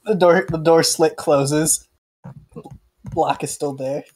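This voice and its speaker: A man narrating as game master of a tabletop game, halting and full of fillers. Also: on the high side, steady tone, darkish tone.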